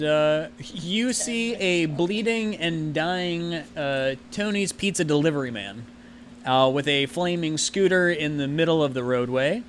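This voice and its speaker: A man running a tabletop game as game master, with a slightly high voice. He narrates in a loose, rambling way, full of fillers. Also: a bit bright, a little hiss or hum.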